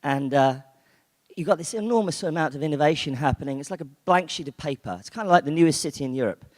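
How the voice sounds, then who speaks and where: A man's voice: fairly high pitch, animated, fast talker, darkish tone. A man giving a chatty conference keynote, full of fillers and restarts. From United Kingdom. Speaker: conference speaker. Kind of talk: keynote talk. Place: conference hall. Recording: long hall reverb.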